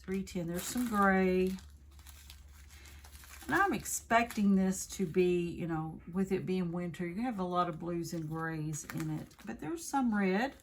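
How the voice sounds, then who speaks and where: A craft video host with a Southern accent unboxes and shows off a craft kit, chatting casually, rambling and correcting herself as she goes. Her voice is lowish and her pace measured, with slight background noise.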